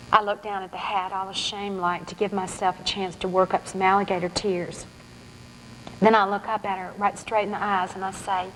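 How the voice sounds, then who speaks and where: A woman reads a first-person story aloud from her own book, with a lively, sly storyteller's delivery. Her voice sits at a middle pitch. A faint hiss runs underneath the recording. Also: a little fast, low-quality recording. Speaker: author reading her novel at a forum.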